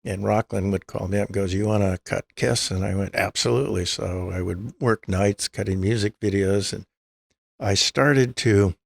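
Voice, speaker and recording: Gravelly and on the low side, the older man's voice moves at a moderate pace with no echo. He's an interview guest who tells long stories, voicing the quoted words of the people involved.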